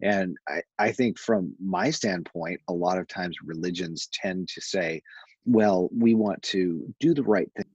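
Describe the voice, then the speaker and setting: A man in casual conversation, analyzing a comedy routine in a thoughtful, measured way. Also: sits low, a little mellow, breathy edge, dry recording. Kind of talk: casual chat. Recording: dull lo-fi mic, dry.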